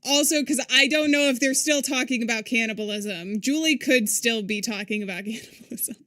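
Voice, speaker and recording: A woman's voice: on the high side, a little fast, a bit bright. A woman streamer on a live game stream, reading both sides of the dialogue aloud in a put-on British accent and laughing between lines.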